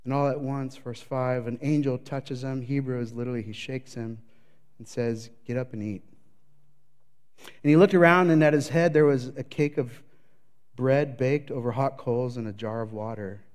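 A male pastor preaching a sermon, telling a scripture story dramatically, building his voice up and dropping it low. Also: moderate pace, clear, resonant tone. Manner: dramatic storytelling, voicing the prophet's panic; varies loudness widely, building up then dropping low.

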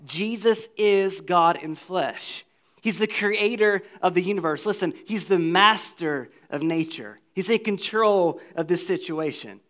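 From the pulpit, a pastor with a high, light male voice preaches earnestly and reads scripture aloud. To drive a point home, he often drops into a low, quiet tone.

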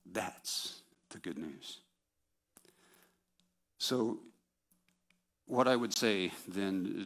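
A man preaching a sermon in a conversational, self-deprecating way, with sarcastic mock quotes. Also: fairly low pitch.

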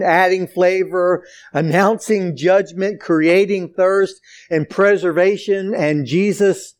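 Male pastor, emphatic sermon delivery, unhurried, slightly high register. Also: a little mellow. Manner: emphatic preaching with repeated phrases, addresses the church directly.

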